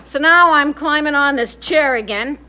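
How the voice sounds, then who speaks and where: Filming on a phone in selfie mode at arm's length, an older woman with a high, bright, forceful voice rambles frankly at a moderate pace about home fixes while moving through her house, yard and garage.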